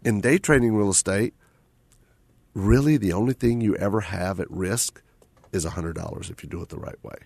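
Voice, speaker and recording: Gravelly low-voiced male radio host. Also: moderate pace, darkish tone, dry recording. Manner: tags statements with "right?" and repeats phrases. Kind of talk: casual radio talk.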